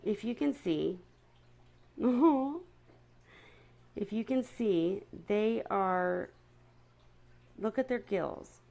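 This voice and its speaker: A woman's voice: medium pitch, lively intonation, drawn-out words, creaky, pauses often, dark tone. A woman chatting casually to viewers on a live stream about her seahorses, often stopping to apologize.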